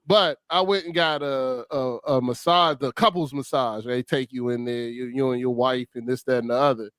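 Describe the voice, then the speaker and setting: A man's voice: mid-range voice, steady tone, moderate pace, a bit bright, clean tone, dry recording. A man telling a funny story in a casual chat, slangy and laughing often as he talks. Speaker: podcast host.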